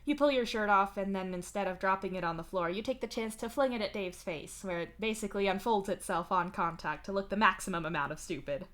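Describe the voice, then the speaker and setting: A woman streamer giving an expressive, conversational live reading of fan fiction. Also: medium pitch, brisk, few pauses.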